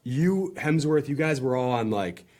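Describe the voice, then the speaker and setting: A man's voice: medium pitch, animated, unhurried, darkish tone. A man interviewing a guest in casual chat, his phrasing loose and full of fillers and repeats.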